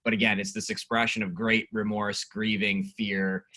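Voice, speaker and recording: Man, youth pastor, low-pitched, forceful tone, casual Bible lesson, questions to group. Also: little pitch movement, normal speed. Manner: conversational, reads scripture aloud, asks the group questions. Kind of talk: casual Bible study teaching.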